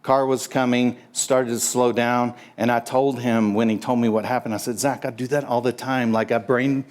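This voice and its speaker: Middle-aged man, pastor type, relaxed sermon, halting with fillers, plays to the congregation. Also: medium pitch. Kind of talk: sermon with prayer. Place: church sanctuary.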